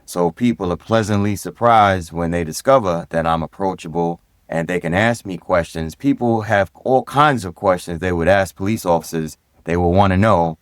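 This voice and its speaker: Easygoing New man, low and dry. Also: moderate pace, hardly any pauses, no room sound. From Brooklyn, New York. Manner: easygoing and direct, animated when recounting dialogue. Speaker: guest, former police sergeant and DJ. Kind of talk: casual storytelling in a podcast interview.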